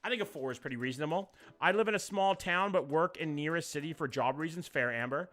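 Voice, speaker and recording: A young man, doing live-stream commentary, reacting to chat in a jokey, profane, animated way. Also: a little high, fast.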